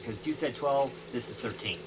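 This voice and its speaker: A man's voice: mid-range voice, normal speed. A man running a tabletop game as game master, narrating dice rolls and combat with a laugh. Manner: laughing, animated storytelling. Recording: noisy home recording.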